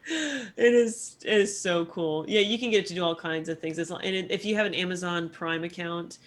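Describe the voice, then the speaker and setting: Bubbly woman podcast co-host. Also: normal speed. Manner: bubbly, laughs often, squeals into high put-on quotes. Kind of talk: casual chat.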